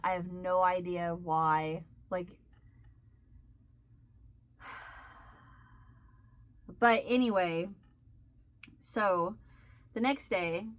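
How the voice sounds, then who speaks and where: A woman vlogger telling a rambling story in casual, animated chat while she crochets. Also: on the low side. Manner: rambling and animated, with restarts and laughs.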